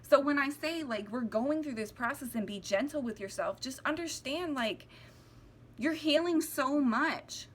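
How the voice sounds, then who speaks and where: A woman's voice: high-pitched, expressive, moderate pace, hardly any pauses, a bit bright, husky. A young woman speaking heartfelt and rambling to her viewers, close to tears, with many restarts and fillers. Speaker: spiritual vlogger. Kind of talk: casual heartfelt monologue to camera.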